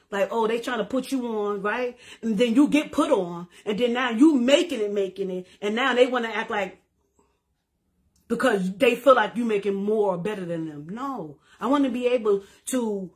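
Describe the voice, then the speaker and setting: A middle-aged woman, chatting to her viewers in a loud, animated, profane way and laughing often. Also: a little high, normal speed. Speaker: social media creator. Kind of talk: casual live-stream chat.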